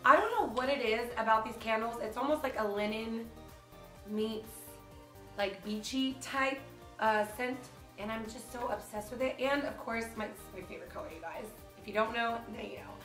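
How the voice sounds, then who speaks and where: A young woman chatting casually to the camera as a beauty vlogger, animated and full of fillers like "like", filmed in a hotel room. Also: on the high side, normal speed. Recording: echoey room with faint music.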